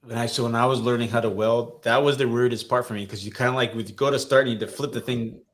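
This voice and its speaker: A man's voice: mid-range voice, steady tone, quick pace. A man hosting a casual livestream chat, joking and teasing his co-hosts over a video call. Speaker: podcast host.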